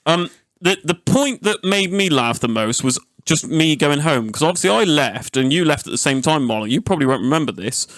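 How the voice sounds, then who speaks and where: Lad spinning a sweary night-out yarn, high bright voice. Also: male voice, a little fast, no room sound. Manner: sweary, animated anecdote-telling. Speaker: podcast host. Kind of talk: casual storytelling chat.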